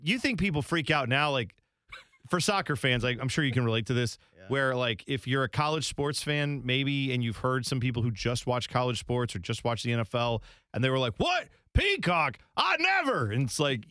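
A man's voice: mid-range voice, fairly quick, a bit bright, no echo, studio quality. A man co-hosting a soccer podcast in casual, rambling chat, laughing often and slipping into mocking quote voices. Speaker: podcast co-host.

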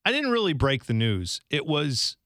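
A man's voice: fairly high pitch, normal speed, no echo, studio quality. A man co-hosting a sports radio show, chatting casually and telling stories with little impressions. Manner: lively, animated storytelling with impressions. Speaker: radio co-host.

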